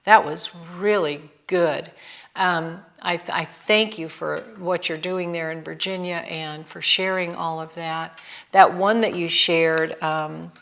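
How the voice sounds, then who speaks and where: A woman hosts an online video call in a slow, unhurried manner. Her voice sits a bit low, and she speaks with friendly, measured care. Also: steady tone, vocal fry, a bit bright. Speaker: host.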